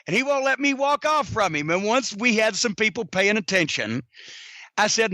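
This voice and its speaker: Podcast host, middle-aged man, high crisp voice, dry close mic, profane storyteller. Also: animated, normal speed, pushed and bright, no echo. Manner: heated, cursing constantly, Southern drawl.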